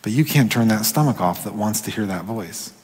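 Husky preacher man in an echoey hall. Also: lowish voice, lively intonation, brisk. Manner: conversational, drops to hushed whispers for quoted voices. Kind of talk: sermon. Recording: echoey hall with long reverb.

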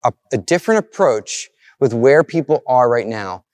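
A man's voice: mid-range voice, lively intonation, normal speed, a little mellow, no echo. Earnest male pastor preaching, dry sound. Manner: earnest, repetitive preaching cadence. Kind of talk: sermon.

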